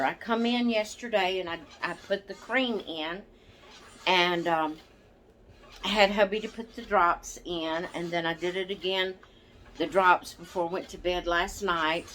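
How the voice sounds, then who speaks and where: An older woman with a drawl talks to her camera in a rambling, homey chat. She laughs often and corrects herself. Her voice sits a little low, with a faint room hiss behind it. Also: a bit bright. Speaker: vlogger.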